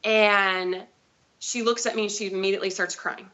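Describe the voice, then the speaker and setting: A woman in her thirties, a diabetes advocate, tells her own story as a guest in a live interview, chatty and rambling and often correcting herself. Her mid-range voice is fairly bright and fairly even, at normal speed, on dull lo-fi audio.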